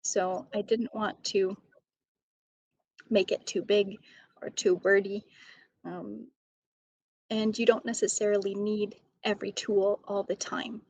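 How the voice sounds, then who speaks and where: Slow, measured woman author. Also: mid-range voice, little pitch movement, a little mellow, dry recording, poor audio. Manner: measured, many ums. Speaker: author and educator. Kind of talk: interview answers.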